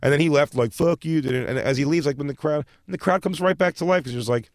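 A man, a stand-up comedian, telling crowd stories in casual chat, profane and animated, often laughing. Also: on the high side, fast talker, no room sound, studio quality.

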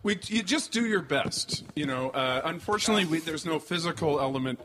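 A man's voice: fairly high pitch, animated, a little fast, fairly bright tone, slight background noise. A man co-hosting a comedy podcast, explaining the rules of a game casually and hesitantly. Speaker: podcast co-host.

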